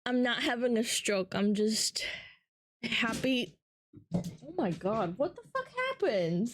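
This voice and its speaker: Playful, high-voiced woman streamer. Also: slow pace, a little hiss or hum. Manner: playful, excitable, jokey. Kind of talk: casual livestream chat.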